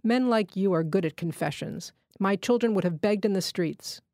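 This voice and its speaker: A woman's voice: medium pitch, normal speed, mellow, no echo, clean studio sound, natural voice. A woman reading the part of a wounded male electrician who speaks hard and unforgiving. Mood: stern. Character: wounded male village electrician, stern and proud.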